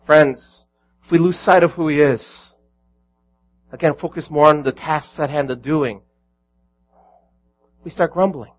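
A man's voice: fairly high pitch, a little slow, pauses often, lo-fi sound, soft background music. A man preaching a sermon as pastor, earnest and building to emphatic peaks.

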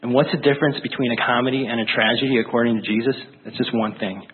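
A man's voice: medium pitch, fairly even intonation, fast, slightly rough. A male pastor preaching a casual sermon in a rambling, conversational way full of fillers. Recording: tinny phone-like sound.

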